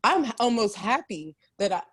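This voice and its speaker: A woman's voice: medium pitch, very animated, moderate pace, a bit bright, husky. A woman from Ohio, a chef, talking animatedly as a podcast guest, often restarting her sentences. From Ohio, USA. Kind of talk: casual interview chat.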